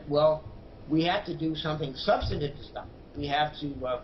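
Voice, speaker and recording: A man as a guest commentator on a news program, giving strong political opinions with many hesitant pauses and fillers. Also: on the high side. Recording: dull lo-fi broadcast audio with faint noise.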